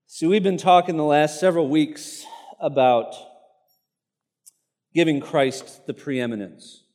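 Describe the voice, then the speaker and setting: A man's voice: a little high, a little slow, pauses often, a little mellow, in a large hall. A man preaching a sermon, reading a martyr story aloud in an earnest tone with casual asides to the congregation.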